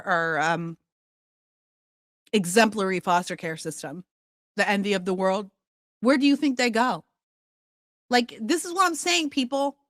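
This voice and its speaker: A woman in her fifties hosting a podcast, giving impassioned, confrontational commentary that bursts into loud outbursts. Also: a little high, no echo. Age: 50s. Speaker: podcast host.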